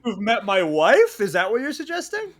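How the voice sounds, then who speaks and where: A man with a very high, bouncy voice riffing in mock outrage, firing off challenges. His pitch leaps around as he bickers. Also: wildly swooping pitch, normal speed. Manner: mock-indignant, confrontational riffing. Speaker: comedy podcast co-host. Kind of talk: comic banter.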